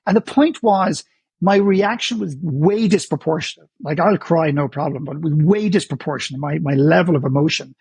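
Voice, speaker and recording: A man's voice: fairly high pitch, normal speed, creaky, darkish tone, breathy edge, no room sound. A man who is a guest on an interview show, talking candidly in a blunt, emphatic way and often stammering as he restarts his sentences. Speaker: guest, author and speaker.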